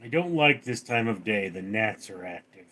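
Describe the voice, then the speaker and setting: A man's voice: lowish voice, lively intonation, moderate pace, sharp tone. A man from Los Angeles hosting a casual late-night livestream, rambling as he reads out and answers viewer comments. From Los Angeles, California. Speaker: livestream host reading chat. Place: outdoors at night.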